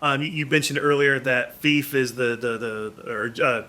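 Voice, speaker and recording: Animated man in his forties, bright voice. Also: mid-range voice, moderate pace. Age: 40s. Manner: animated, acts out quotes, many restarts. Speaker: podcast guest, musician. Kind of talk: casual storytelling.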